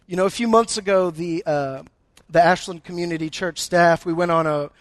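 High-voiced man preaching with humor. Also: normal speed, dry recording. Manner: conversational storytelling with humor, repeating words. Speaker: pastor. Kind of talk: sermon.

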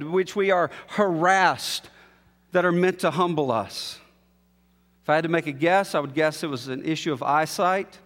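A man preaching an expository sermon, building to emphatic peaks and then dropping low and quiet. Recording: long reverb of a large hall.

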